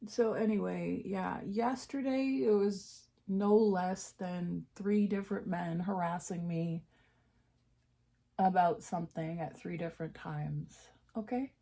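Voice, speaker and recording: While doing her makeup, a woman vlogger chats candidly, her pitch jumping up at times before she slips into half-whispered asides. She speaks slowly, with a mellow voice and vocal fry.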